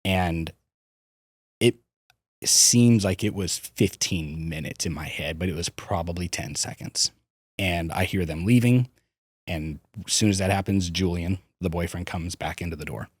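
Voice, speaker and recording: A man's voice: sits low, measured pace, slightly rough, dry recording, studio quality. A man, a podcast guest, candidly recounting his childhood, swearing freely and restarting his sentences. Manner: frank, swears, hesitant restarts. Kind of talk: candid personal storytelling.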